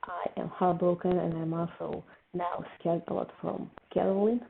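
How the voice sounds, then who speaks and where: A woman's voice: on the low side, little pitch movement, moderate pace, creaky. A woman hosting a casual TV reaction video, talking emotionally and repeating herself when upset. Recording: tinny phone-like sound with faint noise.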